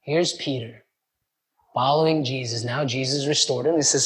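A man's voice: medium pitch, measured pace, poor audio. A man preaching a sermon, talking in a chatty way, acting out the voices of people in the story and putting questions to his listeners. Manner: conversational, acts out quoted voices, asks the congregation questions.

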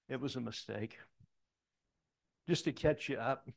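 A middle-aged man preaching a sermon, reading scripture aloud and breaking off into animated asides, loud for quoted lines and hushed for comments. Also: mid-range voice, unhurried, creaky. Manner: animated, swings between loud emphatic reading and quiet asides. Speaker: pastor.

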